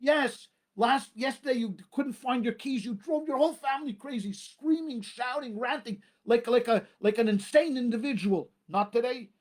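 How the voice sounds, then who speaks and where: A man, a rabbi, preaching a sermon with emphatic repetition and dramatic pauses. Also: very high voice.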